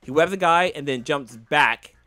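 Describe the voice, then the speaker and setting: A man's voice: on the high side, normal speed, sharp tone, soft background music. A young adult man co-hosting a podcast in casual chat. He jokes around, rambles through his points and swears casually. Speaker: podcast co-host.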